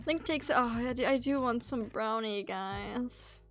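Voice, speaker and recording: Young female streamer, high-pitched and unhurried, playful teasing delivery over soft background music. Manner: teasing, playful, swearing freely. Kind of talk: casual live-stream chat.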